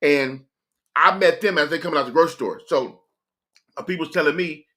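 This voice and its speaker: A man from California telling a story on his stream, animated and slangy, with many stops and restarts. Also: fairly high pitch, brisk. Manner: animated, slangy, stop-and-start. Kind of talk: casual storytelling.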